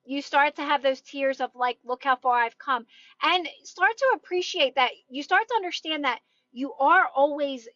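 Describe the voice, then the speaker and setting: Woman, high voice, upbeat chatty live-stream coach, dry lo-fi phone sound from a parked car. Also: bright, forceful tone, dry recording. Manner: encouraging, chatty, often asks "right?". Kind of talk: casual live-stream motivational chat.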